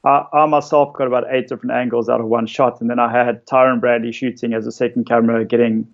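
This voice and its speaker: A man, a photographer casually telling stories about his shoots in a relaxed way, with lots of fillers. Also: medium pitch, fast, gravelly, lo-fi sound. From South Africa. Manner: relaxed storytelling with many fillers. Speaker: interviewed photographer. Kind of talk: casual conversation.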